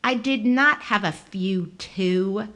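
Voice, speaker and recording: A woman's voice: medium pitch, slow pace, a bit bright. A woman voicing a brash, tipsy, well-dressed man with a nasal Southern drawl. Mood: indignant. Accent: American Southern.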